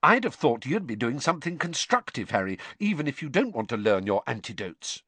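High, indignant teenage schoolgirl, sharp and scolding, a man doing the voice. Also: sing-song, normal speed, dry recording, exaggerated voice. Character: bossy clever teenage schoolgirl.

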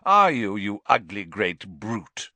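A man voicing a sneering, spoiled teenage boy who drawls slowly and shrieks when hurt. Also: fairly low pitch, very animated, bright, forceful tone, no room sound, heavily acted. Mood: taunting.

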